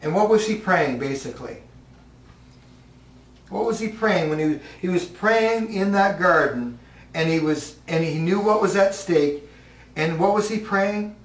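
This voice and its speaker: A man's voice: sits high, lively intonation, measured pace. Preacher man echoing from a distance. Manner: conversational, asks the congregation questions. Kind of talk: sermon. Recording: roomy hall from a distance.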